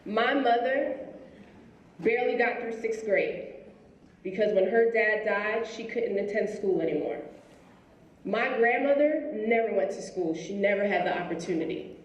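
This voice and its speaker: A woman giving a motivational speech to students, telling a story in a lively way and acting out the people in it. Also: mid-range voice, measured pace, a little hiss or hum. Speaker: school principal giving a speech. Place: school auditorium. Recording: echoey hall, from far off.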